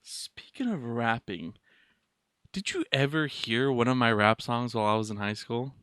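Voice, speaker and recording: Male podcast co-host, lively and playful, bright edge, dry close sound. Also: medium pitch, moderate pace, clean tone, no room sound. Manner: animated, playful, swears freely. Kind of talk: casual chat.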